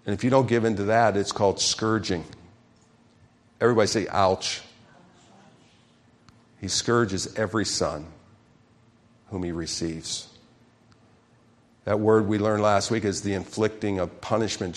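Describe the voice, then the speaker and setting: A man, a pastor, preaching a sermon and calling out to his congregation with emphatic questions. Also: lowish voice.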